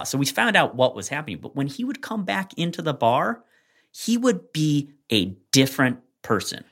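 Casting: male podcast co-host, mid pitch, loose rambling storyteller full of "like"s. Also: normal speed. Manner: rambling, animated storytelling with many fillers. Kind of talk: casual storytelling chat.

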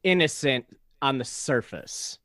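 A man with a smooth, clean voice talking casually with friends on a podcast. He riffs playfully and spins darkly comic jokes. The sound is dry and close. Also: mid-range voice, measured pace, fairly bright tone, no echo. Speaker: podcast guest. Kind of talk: casual chat.

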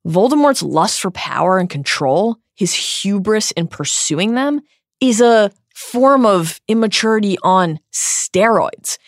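A woman's voice: mid-range voice, animated, takes it slowly, no room sound, clean studio sound. A woman co-hosting a podcast, talking through a story with emphatic, emotional reactions. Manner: emphatic, emotional reactions with a loose profane edge. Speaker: podcast co-host. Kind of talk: casual podcast discussion.

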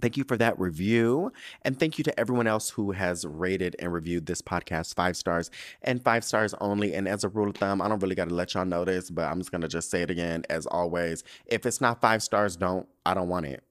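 A man with a low voice talks briskly, hosting his own podcast alone in a casual monologue. He's sassy and profane, full of slang and laughter, yet he sounds weary and stressed.

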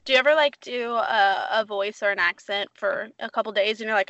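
A woman's voice: mid-range voice, a bit bright, no room sound, muffled recording. A woman co-hosting a podcast from home, chatting and joking with friends in a casual, riffing way. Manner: chatty, jokey, quick to riff. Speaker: podcast co-host. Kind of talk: casual chat. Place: at home, apart from co-hosts.

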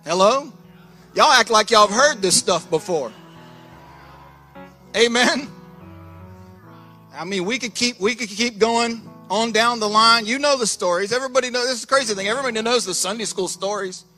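A man preaches with fiery energy, his voice high and ringing bright. He keeps prodding the room for responses as he builds his point. Faint music plays behind him. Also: normal speed, long pauses. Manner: fiery, animated, keeps calling "Hello?" to the crowd. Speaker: preacher and co-host. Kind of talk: fiery live sermon. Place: church hall in Florida.

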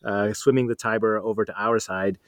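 A man's voice: fairly low pitch, steady tone, fairly quick, no room sound. A man hosting a podcast interview, friendly and thoughtful as he asks his questions. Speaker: podcast host.

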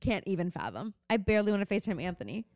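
A young woman co-hosts a podcast in loose, casual chat, filling her sentences with "like" as she rambles through a story. Her voice is smooth and clear. The sound is dry and close, with no room around it. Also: medium pitch, sing-song, very fast, a little mellow, dry recording. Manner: chatty, heavy on "like" fillers, laughs often. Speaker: podcast co-host.

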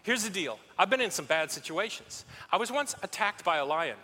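A man's voice: high-pitched, brisk, husky, heavily acted. A male pastor voicing an eager young man rambling through a risky plan, in an echoing hall. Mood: earnest. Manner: excitable, rambling, salesman-like. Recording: echoey hall.

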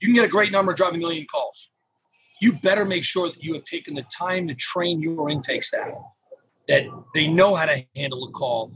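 A man speaking as a podcast guest in casual interview talk, animated and acting out what his clients say. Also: sits high, noisy background. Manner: animated, acts out clients' quotes. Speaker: podcast guest, phone number business owner.

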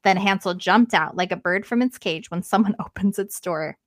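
A woman's voice: mid-range voice, moderate pace, dry recording, clean studio sound. A woman co-hosting a podcast, reading a fairy tale aloud and breaking off to joke and comment on it. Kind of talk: casual read-aloud with banter.

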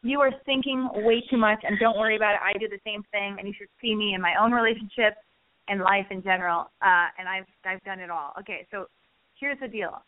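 A woman hosting a radio advice segment, talking in a blunt, animated way and swearing as she gives a caller a pep talk. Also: medium pitch, a little fast. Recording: phone-like narrow band.

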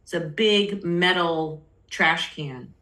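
A middle-aged woman speaks candidly as a podcast guest and tells her personal story. She often slips into the voices of people she quotes. Her voice sits a little low but sounds bright, and the recording carries a roomy echo. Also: slow.

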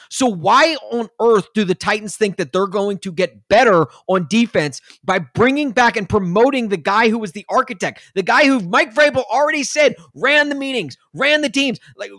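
A man's voice: high-pitched, lively intonation, moderate pace, fairly bright tone, no echo. A man co-hosting a sports podcast, ranting angrily about his team with many stumbles and restarts. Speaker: podcast co-host. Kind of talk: casual sports podcast rant.

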